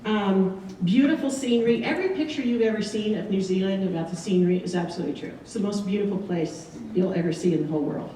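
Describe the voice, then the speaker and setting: A woman's voice: mid-range voice, fast talker, few pauses, dark tone, a little hiss or hum. A woman giving a casual slideshow talk about her missionary years, chatty with frequent ums. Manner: chatty, many ums, light laughs. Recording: echoey room, distant mic.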